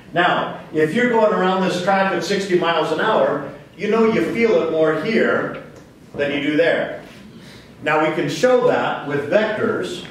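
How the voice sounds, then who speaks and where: A man's voice: on the high side, far from the mic, slight background noise. A man giving a physics lecture to a class, asking questions and answering them himself. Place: lecture hall. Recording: very echoey hall, voice from off-mic.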